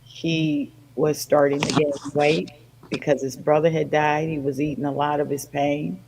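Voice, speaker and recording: A woman's voice: low-pitched, normal speed, slight background noise, low-quality recording. An older woman guest on a podcast, telling a personal story with feeling and acting out the voices in it. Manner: animated, acts out quoted voices.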